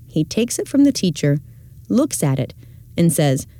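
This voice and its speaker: A woman reading a scripted audio description of classroom video clips in a measured, clear way. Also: deep voice, sing-song, dark tone, no room sound.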